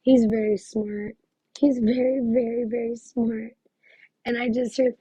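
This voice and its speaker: Gushing psychic medium woman, husky and mellow. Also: on the high side, flat delivery, a little slow, no room sound, rough recording. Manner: gushing, exclamatory, thinks aloud with many fillers. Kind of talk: live psychic reading, casual chat.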